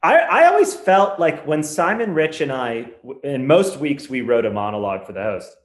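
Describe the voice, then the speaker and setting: A man's voice: medium pitch, sing-song, normal speed. A man guesting on a podcast, telling stories in a wry, rambling way with lots of restarts. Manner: rambling, self-correcting, wry storytelling. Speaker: guest comedian. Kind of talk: casual podcast chat. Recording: roomy echo.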